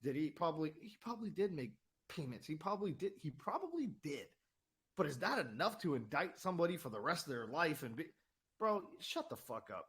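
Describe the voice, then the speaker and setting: A man's voice: on the high side, sing-song, fairly quick, fairly bright tone. A man ranting heatedly on his own channel, swearing often, repeating words and asking "right?" again and again. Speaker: channel host. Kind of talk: heated political rant.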